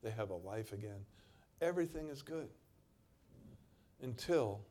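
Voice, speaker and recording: A man preaching a sermon, reading scripture aloud in a dramatic way and moving between loud stretches and quiet emphasis. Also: fairly low pitch, lively intonation, unhurried, a little hiss or hum.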